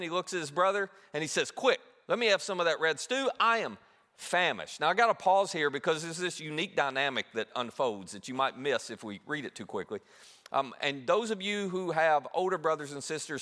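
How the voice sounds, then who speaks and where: A man preaching a sermon as a pastor, telling the story with lively asides and acting out voices of siblings. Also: on the high side, long reverb tail. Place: church auditorium.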